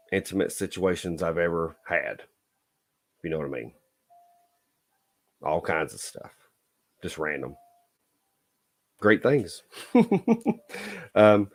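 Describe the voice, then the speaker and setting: A man with a drawl tells his dating stories in a casual, blunt, folksy monologue. His voice sits a little low, and he keeps stopping to lecture the listener with a pointed "okay?". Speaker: dating advice vlogger.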